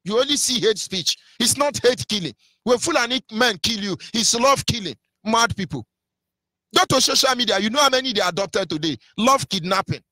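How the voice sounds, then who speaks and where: A man's voice: high voice, expressive, brisk, pushed and bright, no room sound, clean studio sound. A man with a Nigerian accent giving an impassioned live radio monologue, scornful and mocking, slipping into Igbo phrases. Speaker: radio broadcaster.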